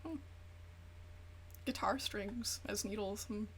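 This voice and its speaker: A woman's voice: mid-range voice, takes it slowly, a little hiss or hum. A woman streamer chatting casually while gaming, rambling through profane gossip and acting out quotes. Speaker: VTuber streamer.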